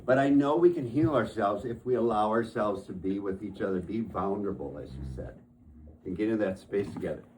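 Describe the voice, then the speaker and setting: A man's voice: lowish voice, animated, a little fast, a little mellow, a little hiss or hum. A man who works as a therapist, telling stories from his practice in an earnest conversational way and often restarting his phrases.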